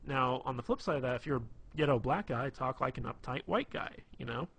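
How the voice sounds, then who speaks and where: A man with a husky, slightly breathy voice at an ordinary pitch talks through tips in a loose, rambling way. He leans on fillers and restarts as if chatting with a friend. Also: lively intonation, fairly quick, a bit bright. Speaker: dating advice presenter. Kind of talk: casual instructional talk.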